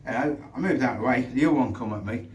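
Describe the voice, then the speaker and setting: A middle-aged Englishman, once a doorman, tells a fight story bluntly and swears freely, in stops and starts. He is recorded outdoors and sits well back from the mic. Wind rushes across it. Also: mid-range voice. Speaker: former doorman. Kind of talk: casual storytelling to camera. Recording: distant mic with wind noise.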